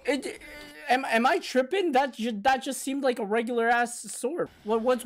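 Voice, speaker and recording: A man reacting to an anime episode, excitable and profane, shouting and gasping and talking back to the characters on screen. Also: very high voice, normal speed, few pauses, a crowd in the background. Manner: excitable, swears a lot, bursts into shouts and gasps. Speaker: anime reaction channel host. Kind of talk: live reaction commentary.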